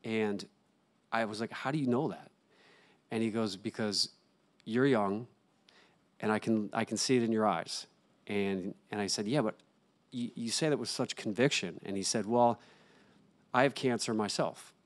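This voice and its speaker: Earnest low-voiced man telling his story. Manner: earnest, halting, with restarts and fillers. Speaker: interview guest, actor and author. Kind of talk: candid personal storytelling.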